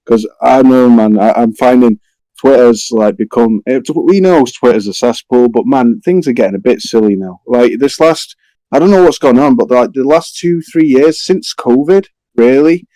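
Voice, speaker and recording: Laid-back Mancunian gamer, mellow tone. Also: male voice, mid-range voice, normal speed, no echo, rough recording. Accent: Manchester English. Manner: laid-back, slangy, rambling. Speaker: podcast panelist. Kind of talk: casual panel chat.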